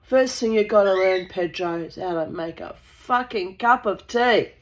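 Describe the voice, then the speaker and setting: A woman's voice: medium pitch, unhurried, low-quality recording. A woman from New Zealand telling a casual, rambling anecdote, blunt and sweary, with the odd cough.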